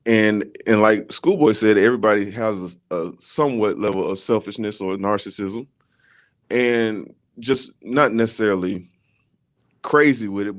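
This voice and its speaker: A man co-hosting a podcast, laying out his reasoning in a measured way with frequent fillers. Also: fairly low pitch. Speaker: podcast co-host. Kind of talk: casual chat.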